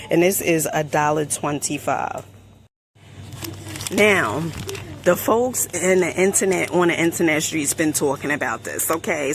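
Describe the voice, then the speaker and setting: A woman from New Jersey chatting through a store haul vlog, sassy and quick with asides, calling viewers honey. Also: sits low, slight background noise. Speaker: shopping haul vlogger. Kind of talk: casual product review vlog. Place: inside a store.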